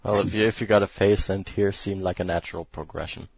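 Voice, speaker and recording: Low, gravelly male co-host; flat deadpan quips on a dull lo-fi mic. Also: fast talker. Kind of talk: casual chat. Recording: dull lo-fi recording.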